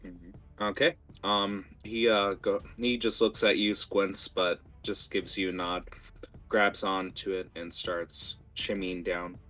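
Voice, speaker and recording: A man running a tabletop game as game master, talking in a lively, rambling way with fillers. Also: low-pitched, slow pace, faint music behind.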